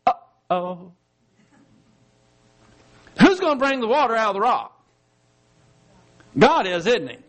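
A man with a fairly high voice preaches a verse-by-verse Bible study. He keeps it conversational, often asks his listeners rhetorical questions and chuckles as he explains the text. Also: sing-song, slow, long pauses. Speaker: Bible teacher. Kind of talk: verse-by-verse sermon.

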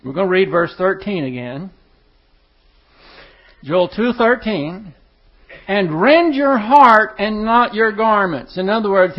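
A man preaching a sermon, teaching verse by verse and acting out the words of scripture with lively emphasis. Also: fairly high pitch. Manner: animated, acts out scripture voices with emphasis. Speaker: pastor. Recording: dull lo-fi sound.

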